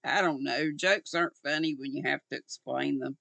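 A woman's voice: low-pitched, normal speed, vocal fry, fairly bright tone, no echo. An older woman reading aloud and voicing a dry-humored male small-town sheriff with curt, teasing lines.

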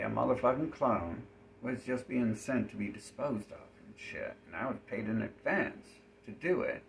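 A man's voice: lowish voice, gravelly, a little hiss or hum. A man speaking in a rambling, profane, run-on monologue.

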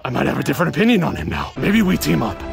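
A man vlogging from an outdoor softball field, joking with teammates and yelling at big plays. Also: on the high side, sing-song, rapid-fire, gravelly, music in the background. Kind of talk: excited play-by-play banter.

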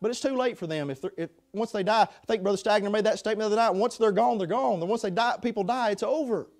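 Man, preacher, high voice, impassioned sermon, loud then hushed. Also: fast talker. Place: chapel.

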